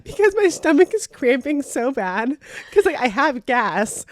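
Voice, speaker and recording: A young woman co-hosting a podcast, telling a story in animated, laughing casual chat, full of "like". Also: sits high, a little slow, no echo, clean studio sound. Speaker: podcast co-host.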